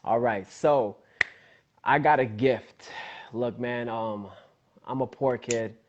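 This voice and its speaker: A young man recounts a story in a relaxed interview, his voice jumping way up when he gets excited and dropping low and quiet in between. He acts out the other people in his story with their own voices. The sound is a little dull and lo-fi. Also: takes it slowly, noisy background. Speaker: wrestler, interview guest.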